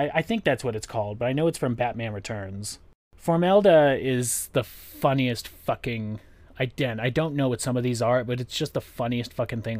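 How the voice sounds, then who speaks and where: A man's voice: mid-range voice, a little mellow, no echo. Male podcast host, casual, profane, chatty, dry close recording. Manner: chatty, profane, acts out quick impressions.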